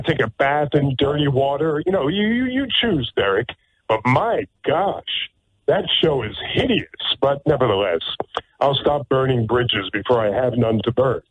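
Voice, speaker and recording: Unhurried yet animated, a medium-pitched man delivers a sarcastic talk radio monologue from the studio, pressing his points by repeating words. The sound is thin and narrow-band, typical of radio.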